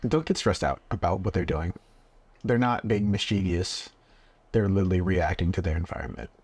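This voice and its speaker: A man with a fairly low, husky voice talks calmly and earnestly. He explains things as a guest in a casual interview. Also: fairly quick, no echo. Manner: calm, earnest, acts out parent-child dialogue.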